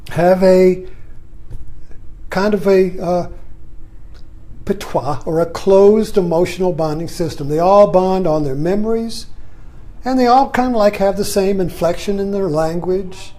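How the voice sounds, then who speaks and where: A man's voice: high voice, warm tone. An older man giving a rambling, reflective monologue, often adding "you see" as he thinks aloud. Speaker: vlogger. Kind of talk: musing monologue.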